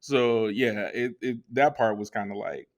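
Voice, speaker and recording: A man's voice: on the low side, measured pace. A man co-hosting a podcast in casual chat, rambling and often trailing off to restart a thought. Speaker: podcast co-host.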